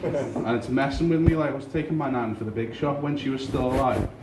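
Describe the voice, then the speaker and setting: A young man from Liverpool with a Scouse accent, doing a dry, deadpan stand-up set in a small comedy club. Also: medium pitch, a little fast. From Liverpool, England. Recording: roomy far-off club recording with crowd noise.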